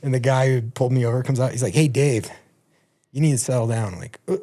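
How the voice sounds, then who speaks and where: Animated man telling a profane story. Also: medium pitch, fast talker. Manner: animated, profane, acts out quotes in a raised voice. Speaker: podcast guest. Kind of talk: casual storytelling.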